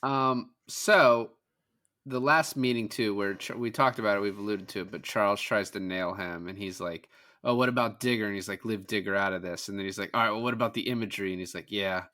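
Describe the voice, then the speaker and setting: Bright-voiced man in animated movie chat. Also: on the low side. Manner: animated, acts out movie scenes in quick quoted bits. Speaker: podcast guest.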